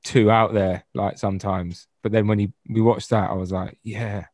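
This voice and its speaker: A man's voice: on the low side, little pitch movement, normal speed, darkish tone, no echo. A man chatting casually about films with friends on a podcast, laid-back and swearing freely. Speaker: podcast co-host. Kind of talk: casual film chat.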